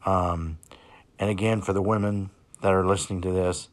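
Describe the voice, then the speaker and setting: A man speaks as the host of a motivational podcast. His voice sits very low. He talks slowly and plainly, with many fillers. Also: little pitch movement.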